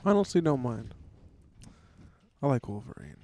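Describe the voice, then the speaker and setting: A man's voice: mid-range voice, wildly swooping pitch, normal speed, mellow. Wry man in casual chat. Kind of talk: casual chat about movies.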